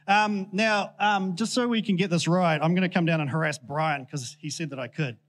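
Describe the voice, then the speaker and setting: A man's voice: fairly high pitch, normal speed, a bit bright. Chatty, joking man preaching in church. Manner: chatty, self-deprecating, many fillers. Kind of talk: casual, joking sermon. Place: church in front of a congregation.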